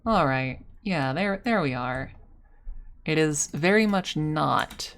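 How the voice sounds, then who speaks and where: A woman's voice: sits low, animated, slow pace. A young woman ASMR streamer sharing frank opinions in a casual, musing monologue full of tag questions.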